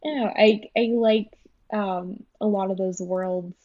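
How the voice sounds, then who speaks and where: A woman's voice: mid-range voice, steady tone, a little slow, no echo. Chatty young woman, lo-fi sound. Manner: rambling, laughs often, many fillers. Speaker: guest, animation writer and storyboard artist. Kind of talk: casual interview chat.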